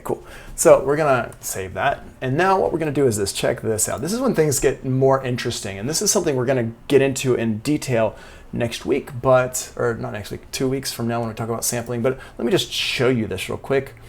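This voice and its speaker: A man teaching music production software in a casual, chatty live-streamed tutorial, talking through each step as he demonstrates it. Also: medium pitch, brisk, gravelly.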